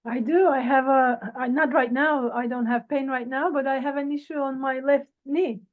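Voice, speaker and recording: Higher-pitched female host, hesitant, tinny call line. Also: steady tone. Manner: hesitant, halting answers. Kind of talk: interview.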